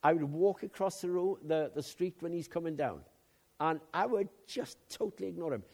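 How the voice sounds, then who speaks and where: A man preaching a sermon, telling personal stories in a chatty way with loud emphatic bursts. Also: a little high, expressive, moderate pace, creaky.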